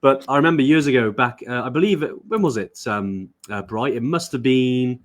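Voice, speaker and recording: A man's voice: mid-range voice, brisk. A man hosting a casual live stream, chatty and full of fillers, reading viewer comments aloud. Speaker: live show host.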